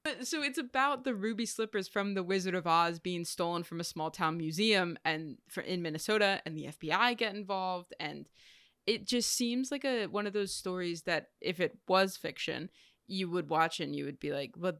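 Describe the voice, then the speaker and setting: A woman's voice: fairly low pitch, moderate pace, a bit bright, no room sound, clean studio sound. A young woman co-hosting a movie podcast, chatty and teasing in casual talk. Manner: chatty, laughs often, teasing. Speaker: podcast co-host. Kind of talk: casual chat.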